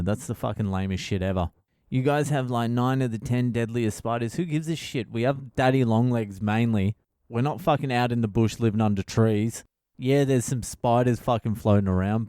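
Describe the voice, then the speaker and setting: Crude Australian comic host, swears constantly, clear resonant voice, dry close sound. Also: male voice, mid-range voice, darkish tone, no room sound. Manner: laughs at his own jokes. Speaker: podcast host, comedian. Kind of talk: casual comedic monologue.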